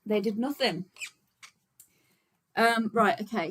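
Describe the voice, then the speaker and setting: A woman's voice: mid-range voice, measured pace, pauses often. Young woman, casual livestream host, chatty, lots of filler words. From Birmingham, England. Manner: chatty and informal, many fillers, talks to viewers while setting up. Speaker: livestream host, vegan activist.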